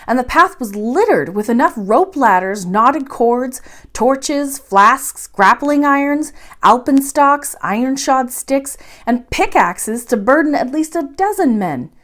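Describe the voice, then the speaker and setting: A woman with a fairly high voice reads a bedtime story aloud. Her narration is expressive and measured, in a storyteller's manner. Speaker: library storyteller.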